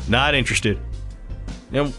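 A man's voice: medium pitch, unhurried, sharp tone, soft background music. A man voicing a tough, wry male ex-fighter who talks bluntly with a sarcastic drawl. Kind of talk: audiobook character voice.

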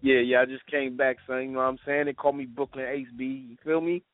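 A man's voice: medium pitch, flat delivery, a little fast, soft background music. A man calling in to a radio show, chatting in a playful, boastful, slangy way. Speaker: call-in guest. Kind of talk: casual joking phone chat. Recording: tinny phone line.

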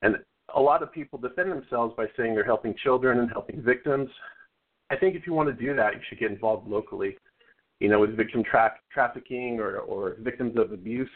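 A man's voice: medium pitch, brisk. Earnest male caller on a tinny phone line. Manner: earnest, argumentative, frequent restarts. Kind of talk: call-in phone conversation. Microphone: telephone.

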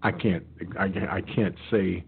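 A man's voice: sits low, steady tone, measured pace, creaky, husky. A man hosting a political talk radio show, rambling with many fillers and restarts, who says he has not eaten and may sound like his mouth is full. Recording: tinny phone-like line.

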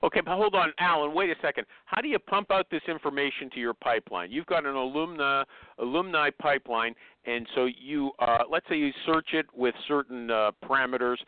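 A man's voice: mid-range voice, a little fast, dry recording. Male host, blunt interrupter, dry phone-quality recording. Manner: pushy, interrupting, probing questions. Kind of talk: casual talk show interview. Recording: dry, phone-like narrow sound.

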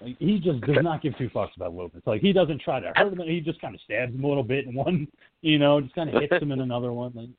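A man's voice: mid-range voice, animated, fast, no echo. A man hosting a horror podcast, joking, laughing and swearing in casual chat. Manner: laughing, jokey, swears a lot. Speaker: podcast host. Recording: dry phone-like line.

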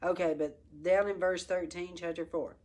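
A woman's voice: on the low side, steady tone, moderate pace, darkish tone. Fiery woman Bible study teacher. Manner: fiery, exhorting, breaks into laughter and exclamations.

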